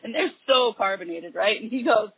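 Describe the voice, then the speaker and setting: A woman's voice: mid-range voice, expressive, fairly quick, slightly rough, no echo. Giggly woman co-host on a phone line. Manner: giggly storyteller. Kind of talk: casual chat. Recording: tinny phone-like dry line.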